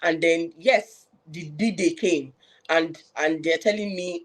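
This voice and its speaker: A woman's voice: on the low side, normal speed. A woman with a Nigerian accent, a public health professional, giving an earnest personal account on a live panel with frequent restarts and fillers. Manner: earnest, reflective, many restarts and "you know" fillers.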